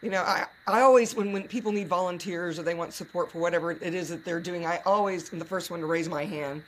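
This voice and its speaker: A woman's voice: lowish voice, fairly even intonation, quick pace, a little hiss or hum. A woman hosting a podcast in a playful, gushing, casual way, sometimes hamming up a put-on Southern drawl. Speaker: podcast host. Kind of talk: casual chat.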